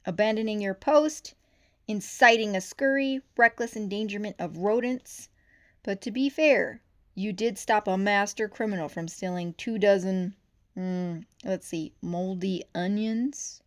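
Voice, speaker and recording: A woman voicing a stern, gruff male buffalo police chief in a storybook reading, curt and barking. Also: mid-range voice, measured pace, close to an everyday voice.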